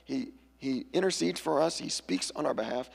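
A man preaching a sermon in a relaxed, conversational way, telling stories and acting out the people in them. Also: medium pitch, normal speed, creaky, breathy edge, in a large hall. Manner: conversational storytelling, animated character voices. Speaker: pastor. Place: church sanctuary.

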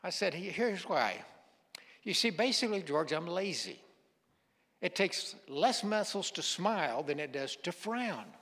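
A man's voice: high-pitched, very animated, a little slow, pauses often, a bit bright. Folksy male pastor in echoing church. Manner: folksy storyteller acting out dialogue. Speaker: guest pastor. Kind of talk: sermon storytelling. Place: church sanctuary. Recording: long hall reverb.

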